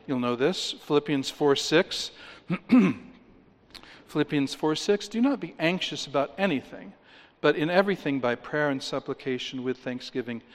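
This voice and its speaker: A man preaching a sermon, emphatic, reading scripture aloud and firing rhetorical questions at his listeners. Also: mid-range voice. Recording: long reverb of a large hall.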